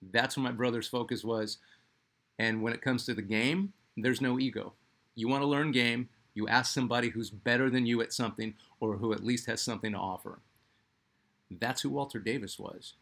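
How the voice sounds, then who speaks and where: A middle-aged man from Phoenix, Arizona, who hosts a sports channel, tells a personal story in a rambling, conversational way packed with fillers. His mid-range voice has vocal fry and a fairly bright tone at normal speed.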